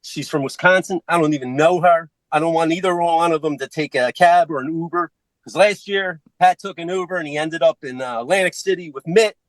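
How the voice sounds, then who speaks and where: Man, philadelphia accent, profane podcast storyteller, slightly high voice, dry close sound. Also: a little fast, no room sound, rough recording. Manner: profane, animated, acts out other people's voices. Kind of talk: casual comedic storytelling.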